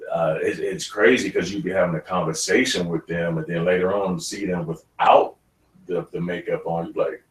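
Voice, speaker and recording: A man, an actor guest in an interview, telling stories in a lively way and laughing often. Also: low voice, normal speed. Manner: animated storyteller, laughs often. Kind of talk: casual interview talk. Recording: roomy studio, mic at a distance.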